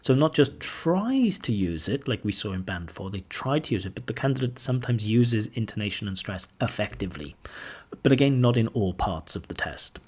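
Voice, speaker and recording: A man who is an IELTS teacher and examiner, explaining speaking criteria to camera in a relaxed, conversational way. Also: on the low side, moderate pace, breathy edge. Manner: relaxed, conversational, with fillers and asides.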